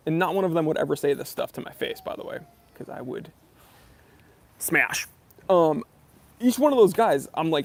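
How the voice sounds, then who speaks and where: A man hosting a casual live-stream Q&A, reading viewer comments and joking around in an animated way. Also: a little high, moderate pace. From Los Angeles area. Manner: joking, animated, self-deprecating banter. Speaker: YouTube channel host doing a live stream Q&A.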